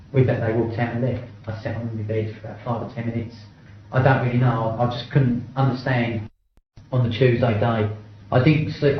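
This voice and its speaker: A middle-aged man gives a blunt first-person account in an interview, swearing often and stumbling over restarts. His mid-range voice comes through a very echoey, dull-sounding room with a little hiss or hum.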